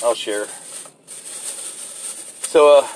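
A man telling a rambling, profane story in a casual, animated way, seated inside a vehicle. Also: medium pitch, drawn-out words.

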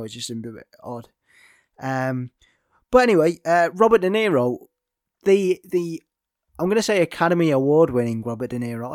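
A man's voice: a little high, no room sound, studio quality. A man giving a casual film review in a rambling, hesitant way, full of ums, trailing asides and self-corrections.

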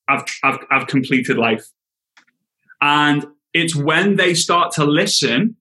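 Guy, bright forceful voice, heartfelt interview talk. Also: a little high, rough recording. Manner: earnest, heartfelt, emphatic. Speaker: podcast guest. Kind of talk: casual interview chat.

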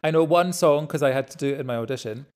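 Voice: medium pitch, a little mellow. Playful enthusiastic Scottish co-host. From Scotland. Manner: enthusiastic, playful, quick to tease. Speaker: podcast co-host and actor. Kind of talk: casual chat.

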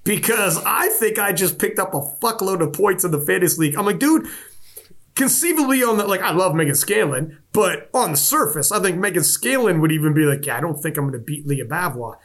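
A man's voice: high voice, a little fast. A man co-hosting a casual sports podcast, telling stories with lots of swearing and acted-out quotes. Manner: animated storytelling with profanity and voiced quotes. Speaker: podcast co-host.

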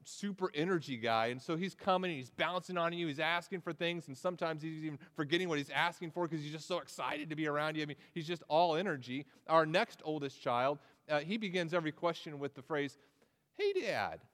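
A man's voice: a little high, fast, few pauses, fairly bright tone, long reverb tail. A man in his thirties preaching a sermon as pastor, conversational and prone to repeating words as he starts a phrase.

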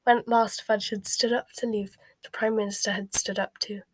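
A woman narrates a storybook in a soft, breathy whisper of middling pitch. The sound is dry and close, with no room around it. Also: flat delivery, moderate pace, dry recording. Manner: soft, mostly unvoiced whisper.

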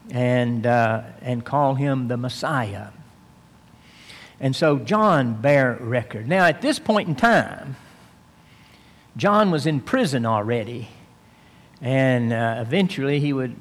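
A man preaching an expository sermon, slow and deliberate, building to emphatic repetition. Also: on the high side, big-room sound. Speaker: pastor.

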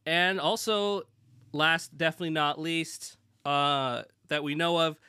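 A man's voice: a little high, fairly even intonation, unhurried, noisy background. A man with a Pacific Northwest American accent hosting a casual podcast chat, rambling and self-deprecating, with lots of fillers. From born in Britain, raised in the Pacific Northwest. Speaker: podcast host.

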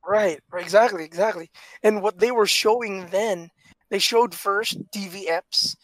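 High-voiced animated man, laughing often. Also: measured pace, no room sound. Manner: animated, laughs often, many fillers and restarts. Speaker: podcast co-host. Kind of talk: casual chat.

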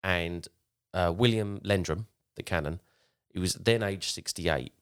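A man with a very low, deep voice spins a long tale in a relaxed podcast chat. He wanders and restarts his sentences as he goes, keeping it casual. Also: a little slow, smooth. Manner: rambling, with frequent restarts while retelling a tale. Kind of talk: casual storytelling.

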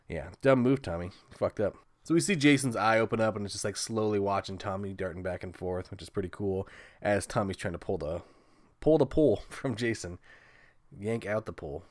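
A man with a fairly low voice runs through a movie plot in a loose, sarcastic way. He swears freely, laughs at the scenes and acts out the characters' lines. The sound is close and dry. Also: dry recording. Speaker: movie reviewer. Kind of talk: casual recap with profanity.

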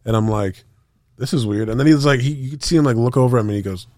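A man's voice: medium pitch, quick pace, dry recording. Male podcast co-host, casual storyteller, swears freely, acts out voices and gunfire, dry close mic. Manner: animated, profane, acts out quotes with sound effects.

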